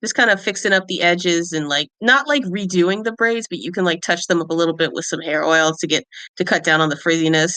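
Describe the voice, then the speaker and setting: A woman playing a character in a tabletop game, talking in a lively, playful way and laughing often. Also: fairly low pitch, a little fast, dry recording. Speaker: player.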